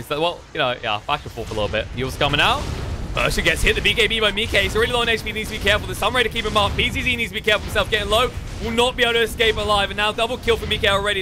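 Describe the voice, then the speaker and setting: Fast, high-voiced male game caster. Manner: rapid, excitable play-by-play. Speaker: esports caster. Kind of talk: live play-by-play commentary.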